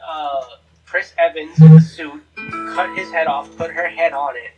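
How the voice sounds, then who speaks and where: A man's voice: fairly high pitch, fairly even intonation, unhurried, dark tone, far from the mic, soft background music, poor audio. A man co-hosting a podcast, rambling casually through comic-book lore with plenty of swearing. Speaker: podcast co-host. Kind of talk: casual chat.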